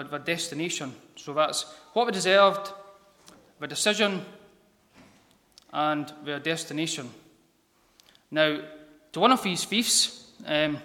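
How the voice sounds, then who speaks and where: A man delivers an informal gospel sermon in a church hall, stumbling over his words and filling pauses with ums. His voice sits a little high for a man. The hall gives each phrase a long, reverberant tail. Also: fairly bright tone. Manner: halting, many ums and repeated words. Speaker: lay preacher.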